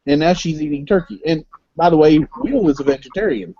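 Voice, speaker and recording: A man hosts a loose live-stream chat, ribbing the people who join in. His voice is mellow and a little husky. The audio is dull and lo-fi with no room sound. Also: fairly high pitch, fairly quick, no echo. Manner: joking, teasing. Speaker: host.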